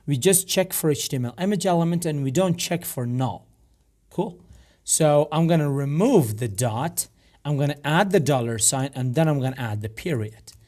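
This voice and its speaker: A man with a rough, gravelly voice, explaining a coding tutorial step by step with frequent fillers and restarts. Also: fairly high pitch, animated, moderate pace, darkish tone. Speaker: programming instructor. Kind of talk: screen-recorded coding tutorial.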